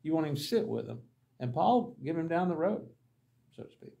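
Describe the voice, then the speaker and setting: A man's voice: on the high side, sing-song, brisk, gravelly, mellow. A man, a pastor teaching a Bible class, telling folksy, humorous mission stories and acting out the dialogue. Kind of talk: anecdotal Bible lesson storytelling.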